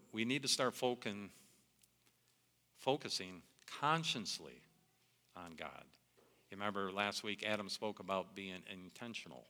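A man's voice: lowish voice, sharp tone, in a large hall. A middle-aged man preaching a sermon in an earnest, conversational way, often calling his listeners "guys.".

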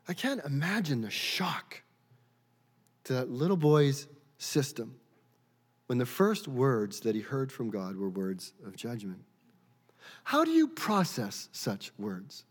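A man's voice: medium pitch, very animated, normal speed. A man preaching a sermon in an earnest, questioning way, often stumbling and repeating words as he thinks aloud. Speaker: pastor. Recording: long reverb of a large hall.

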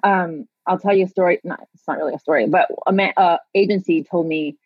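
A woman's voice: on the low side, fairly even intonation, a little fast, husky, dry recording, dull audio. A woman in her thirties, a guest telling her life story in a chatty way, with frequent laughs and filler words. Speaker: interview guest. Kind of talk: personal storytelling in conversation.

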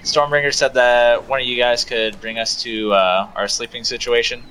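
Bright-voiced man playing a tabletop game. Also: mid-range voice, steady tone, normal speed, slight background noise. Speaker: player.

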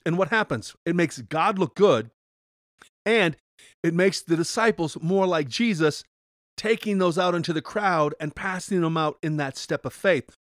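A middle-aged man, a pastor, preaching a podcast sermon in an energetic, emphatic way with sudden rises. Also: fairly high pitch, measured pace, dry recording.

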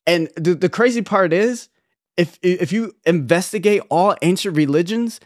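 A man's voice: high voice, moderate pace, no echo. Young man, casual podcast co-host, earnest rambling delivery, dry close sound. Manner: rambling, earnest, many restarts. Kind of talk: casual chat.

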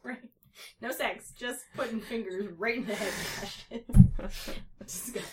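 A woman's voice: fairly high pitch, unhurried, noisy background. A young adult woman hosting a casual comic podcast, reading fan fiction aloud with giggly, sarcastic asides. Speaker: podcast host.

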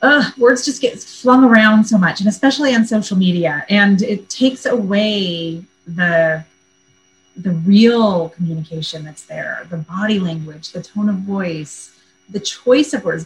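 A woman's voice: mid-range voice, unhurried, poor audio. Affirming woman host, faint hum. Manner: warm, affirming, reflective. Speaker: podcast host. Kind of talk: casual interview chat.

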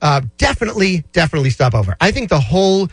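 A man's voice: fairly high pitch, sing-song, rapid-fire, breathy edge, no echo. A man hosting a casual radio talk show, chatty and rambling. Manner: chatty, rambling, with many fillers and restarts. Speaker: radio show host answering listener finance questions.

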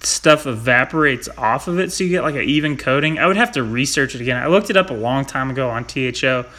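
A Missouri man hosts a podcast, rambling through casual chat with plenty of fillers and laughter. His mid-range voice is expressive, quick, bright, and forceful.

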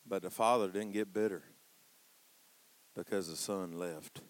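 A man preaching a sermon in a church, calling out to the congregation for responses and swinging between hushed, drawn-out lines and loud emphatic peaks. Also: low voice, steady tone. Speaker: pastor.

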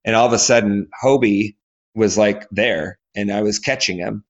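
A man in his forties from Alaska, a guest athlete telling his story in a podcast interview, animated, acting out quotes and restarting often. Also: lowish voice, normal speed, lo-fi sound. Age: 40s.

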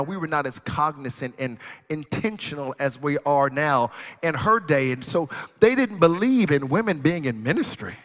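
A man preaching and telling a story, animated, swinging from loud bursts to hushed tones. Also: fairly high pitch. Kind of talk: sermon storytelling. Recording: long reverb in a large hall.

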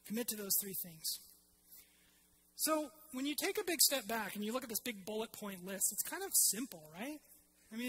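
A woman's voice: fairly high pitch, fairly bright tone, slight background noise, rough recording. A woman preaching a sermon to her congregation in a conversational way, with fillers and restarts.

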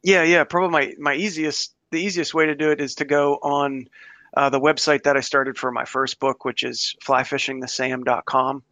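A man answering interview questions as a guest, hesitant and full of pauses and restarts. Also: mid-range voice, flat delivery, bright, forceful tone, no room sound. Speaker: guest author and fly angler.

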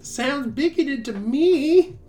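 A man putting on the high, whiny voice of a bratty cartoonish character who sneers at faith. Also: lively intonation, takes it slowly, dark tone, exaggerated voice. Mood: whiny sneering.

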